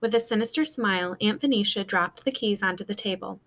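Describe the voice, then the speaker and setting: Teacher lady reading a kids' book aloud, mid pitch, lively voices for the characters. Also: fairly quick. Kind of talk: storybook read-aloud.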